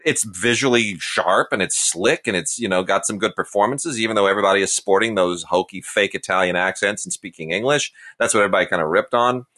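Man, forties, film review co-host, crisp bright voice, animated and opinionated. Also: lowish voice, fast, few pauses. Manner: animated, emphatic, jokey opinions. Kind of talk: casual movie review chat.

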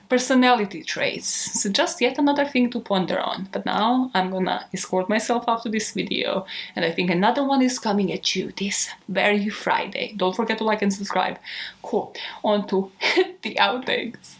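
A woman's voice: mid-range voice, normal speed. A young adult woman hosting a true crime show, chatting casually at home in outtakes, rambling and swearing with self-mocking laughs. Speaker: true crime podcast host.

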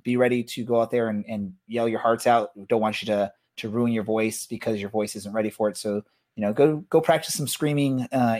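A man hosting a casual soccer podcast, talking in a loose, rambling way full of fillers. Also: mid-range voice. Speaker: podcast host.

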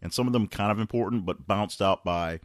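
Deep-voiced man hosting a news podcast. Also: brisk, dry recording, clean studio sound. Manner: reads headlines aloud, loose and rambling, with restarts. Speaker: podcast host. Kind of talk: casual news roundup.

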